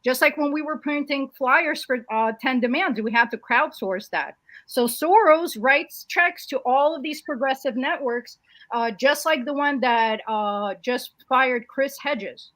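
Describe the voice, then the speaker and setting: Woman co-host, bright and sharp tone, dry close sound, halting delivery. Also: high voice, no room sound. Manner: hesitant, with many "uh" fillers and restarts. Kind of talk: livestream political commentary.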